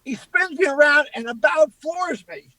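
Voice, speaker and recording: A middle-aged male comedian, telling animated anecdotes and acting out what people said. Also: extremely high pitch, moderate pace, dry recording, poor audio. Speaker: comedian guest. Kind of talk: casual storytelling.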